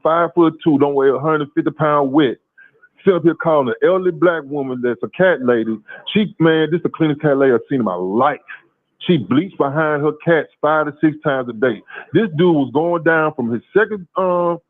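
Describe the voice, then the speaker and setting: A caller, a man whose voice sits a touch high, comes through a thin, tinny phone line. He talks in a rapid, animated, profane way and keeps stammering over repeated words. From Louisiana, USA. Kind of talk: casual call-in storytelling. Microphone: phone call.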